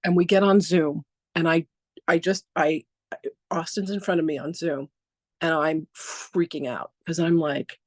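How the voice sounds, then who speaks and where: Effusive woman hosting with lively anecdotes. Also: sits low, measured pace, no echo, clean studio sound. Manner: animated, acts out dialogue with "I'm like"; effusive, laughs often. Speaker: host introducing a guest. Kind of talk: chatty storytelling introduction.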